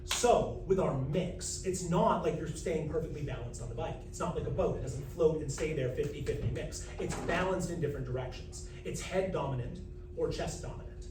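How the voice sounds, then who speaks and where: Male vocal coach, high voice, roomy distant recording with piano behind; lively, demonstrative delivery. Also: brisk. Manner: lively, demonstrative, breaks into loud calls. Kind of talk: live teaching masterclass. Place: rehearsal room with a group. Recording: roomy, distant mic with music.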